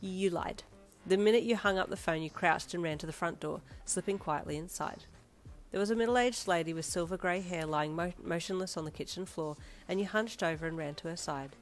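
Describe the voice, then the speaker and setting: A woman narrating a second-person fanfiction story with dramatic, expressive delivery. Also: fairly low pitch, fairly quick, faint music behind.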